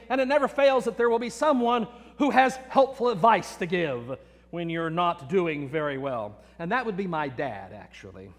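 A man's voice: high voice, big-room sound. A man preaching a sermon, telling stories in an earnest way and often repeating his words. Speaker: pastor.

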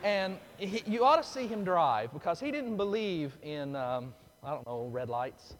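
Animated preacher in a reverberant hall. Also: male voice, fairly high pitch, a little slow, slight background noise. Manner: storytelling with big swings from hushed to loud. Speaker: pastor. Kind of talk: sermon.

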